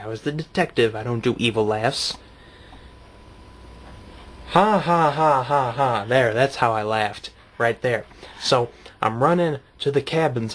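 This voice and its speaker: A man's voice: medium pitch, fairly bright tone, a little hiss or hum. A man doing an absurd comedy vlog, rambling through shaggy stories that keep interrupting themselves. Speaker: comedy vlogger. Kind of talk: deadpan rambling comedy monologue.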